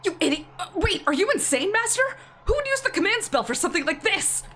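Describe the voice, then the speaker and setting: A woman voicing a proud, quick-tempered teenage girl mage who snaps back and gives orders indignantly. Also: medium pitch, very animated, heavy background noise, pitched above the performer's own voice. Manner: indignant, bossy.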